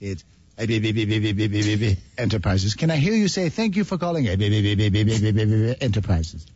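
A man's voice: fairly low pitch, lively intonation, slow pace, a little mellow, breathy edge, dry recording, heavily acted. A man voicing an odd, stammering male businessman prank caller who mumbles beeps in place of numbers. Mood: deadpan. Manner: mumbles beep sounds in place of numbers and stutters. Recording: dull phone-call archive.

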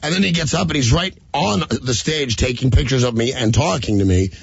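A man's voice: mid-range voice, fairly quick, creaky, husky. Muffled-sounding man telling a story. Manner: animated, acts out quoted lines. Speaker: comedian guest. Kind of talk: casual storytelling chat. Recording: muffled radio broadcast sound.

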